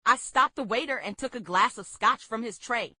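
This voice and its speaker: A woman reading a memoir aloud for a book club, steady and measured. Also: a little high, no room sound.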